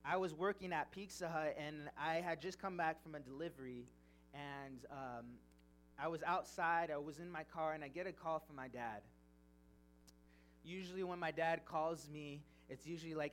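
Young male preacher, earnest and emotional, a touch high-voiced, with a faint hum behind. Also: normal speed, a bit bright. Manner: earnest, emotional, reading scripture then storytelling. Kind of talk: sermon with personal testimony.

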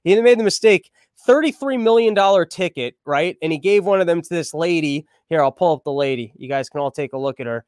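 A man's voice: a little high, expressive, a little fast, darkish tone, dry recording, studio quality. A man hosting a podcast, riffing on the news in a crude, irreverent, rambling way. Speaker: podcast host. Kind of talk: comedic news commentary.

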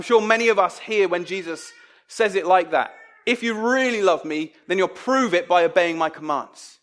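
A man delivers a sermon with a fairly high-pitched voice. He preaches conversationally but with emphasis, and now and then he acts out the voices he quotes. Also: moderate pace, a bit bright.

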